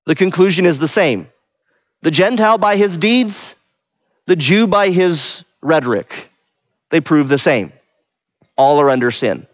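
A man's voice: fairly high pitch, no room sound. A middle-aged man preaching a conversational sermon, often stopping to ask questions and add "right?". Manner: conversational, asks the room questions, frequent "right?". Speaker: pastor. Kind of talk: interactive sermon teaching. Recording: dull, lo-fi sound.

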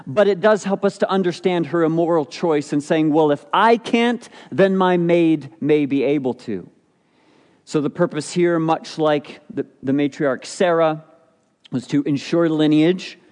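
A man's voice: a little high, a little mellow. A man preaching a sermon, explaining a scripture passage with rhetorical questions and acted-out quotes. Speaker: pastor. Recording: long hall reverb.

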